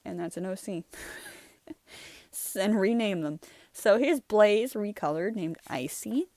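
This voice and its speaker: A woman's voice: medium pitch, lively intonation, a little slow, warm tone, dry recording. Casting: young woman, chatty rambling host, dry close sound, laughs easily. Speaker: channel host. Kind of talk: casual art review chat.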